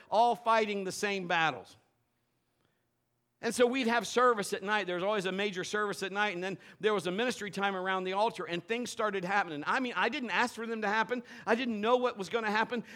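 A man preaching a sermon at a church service, animated and playful, moving between loud exhortation and quiet asides. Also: high-pitched.

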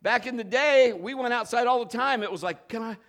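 High-pitched male preacher with a bright edge; excitable participation sermon to a live church. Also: brisk. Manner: animated participation preaching, urging the congregation. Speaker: pastor. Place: church sanctuary with a congregation.

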